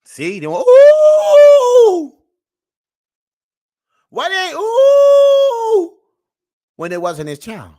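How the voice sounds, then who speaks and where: A man hosting comic reaction commentary, preaching at his viewers, swinging from mutters to shouts. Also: sits high, no echo. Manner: preachy, keeps calling out to the people; drawn-out, animated swings between mutter and shout. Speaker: reaction video host.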